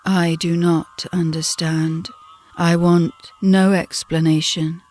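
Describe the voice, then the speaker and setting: A British woman reads her memoir aloud at an unhurried, deliberate pace. Her voice sits a little low. The storytelling is dramatic. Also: flat delivery, darkish tone. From Britain. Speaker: narrator. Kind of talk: audiobook memoir narration.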